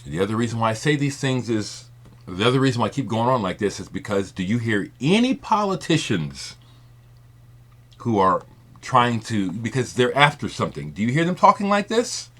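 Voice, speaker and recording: Impassioned low-voiced man with lively pitch. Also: moderate pace. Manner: emphatic and rambling, repeats points, swears. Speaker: vinyl community video maker. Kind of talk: impassioned monologue to camera.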